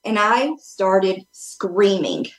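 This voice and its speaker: A woman's voice: mid-range voice, lively intonation, very slow. Rambling woman on an echoey call. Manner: rambling, with many restarts and fillers; earnest and open. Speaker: podcast guest. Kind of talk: casual personal storytelling. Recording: echoey room.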